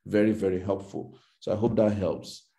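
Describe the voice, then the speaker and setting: A man teaching and answering audience questions in a motivational session, emphatic and repetitive, with faith phrases, acting out quoted dialogue with big jumps in pitch. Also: fairly even intonation, moderate pace, gravelly, dark tone.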